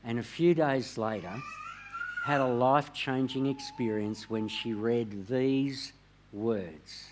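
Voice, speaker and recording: A pastor with a medium-pitched voice preaches a sermon, telling a story in a measured way and dropping quietly on key words. Background noise can be heard.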